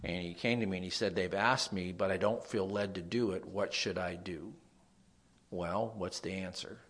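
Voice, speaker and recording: A young man with a nasal voice, a pastor preaching a sermon, dropping to soft asides and rising to loud emphasis. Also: deep voice, steady tone, normal speed.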